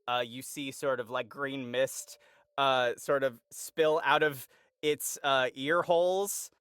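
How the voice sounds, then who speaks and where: Guy gm narrating slow and halting, lots of uhs, bright clear voice. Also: mid-range voice, steady tone, dry recording, clean studio sound. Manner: hesitant, many fillers, laughs often. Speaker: game master. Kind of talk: narrating a tabletop game.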